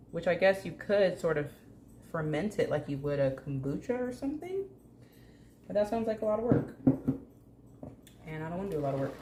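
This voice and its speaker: A low-pitched woman talks casually through her plant care, joking and chatting to the plants as she works. Her voice rings in an echoey room at home. A faint hum sits under it. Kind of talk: casual hands-on vlog chat.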